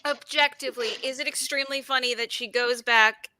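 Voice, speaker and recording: A woman co-hosting a casual chat, excitable and quick to laugh. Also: high voice, a crowd in the background. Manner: excitable, laughing, breaks off and restarts. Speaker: co-host.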